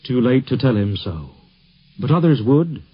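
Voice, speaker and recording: A man's voice: medium pitch, big pitch swings, unhurried, slight background noise. A male announcer reading formal scripted links on a lo-fi 1950s radio recording. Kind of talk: scripted narration.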